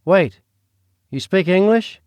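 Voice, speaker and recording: A man's voice: high-pitched, lively intonation, slow pace, darkish tone, smooth, no room sound, pitched above the performer's own voice. A man voicing a wry, direct young man with a dry, probing manner.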